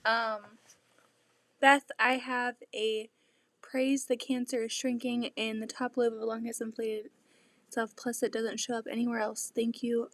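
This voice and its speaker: Woman host, fairly high voice, slow relaxed delivery, chatty with many "like" fillers, casual quilting live stream. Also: no echo. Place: home sewing room.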